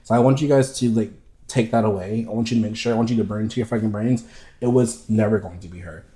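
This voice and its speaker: A man hosts a casual podcast, ranting emphatically and swearing freely. He slips into campy, mocking impressions to make his point. His voice has a mellow, warm color. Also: lowish voice, quick pace. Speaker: podcast host. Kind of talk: casual chat.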